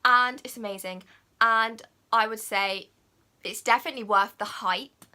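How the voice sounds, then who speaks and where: Gushing young woman, bright voice. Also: on the high side, unhurried. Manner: gushing, excitable, full of "like" and "oh my God". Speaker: vlogger reviewing a film. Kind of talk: casual chat.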